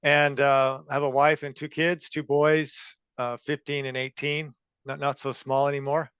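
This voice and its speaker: A man in his fifties from California, a copywriter answering interview questions in a measured way. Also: mid-range voice, little pitch movement, fairly bright tone, smooth, dry recording. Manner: measured, with frequent uh fillers. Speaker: guest, copywriter.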